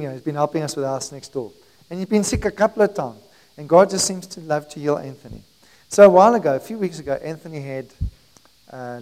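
High-voiced man preaching a sermon. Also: a little mellow, rough recording. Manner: emphatic preaching with swells in volume and slowed phrases. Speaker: pastor.

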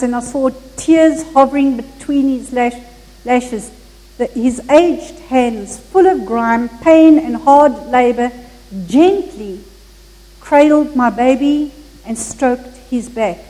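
A high-voiced woman preaching slowly and earnestly, weaving a story into her sermon. Her tone is dark and mellow, and a long reverb hangs after each phrase. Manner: earnest, measured storytelling with some slips. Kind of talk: Christmas sermon with a read story.

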